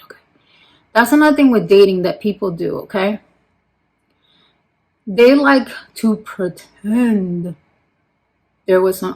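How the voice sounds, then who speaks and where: A woman beauty vlogger chatting casually as she applies makeup, stressing her points with slow repetition and dropping to a quiet murmur when she turns to her products. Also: medium pitch, animated, low-quality recording. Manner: emphatic, repeats points, slows down for emphasis. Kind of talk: casual chat while doing makeup.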